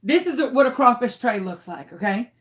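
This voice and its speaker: A woman's voice: a little high, lively intonation, moderate pace. A woman telling a story to camera in a dramatic, exasperated way. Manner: dramatic, exasperated, swings into shrieks. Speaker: crafting channel host.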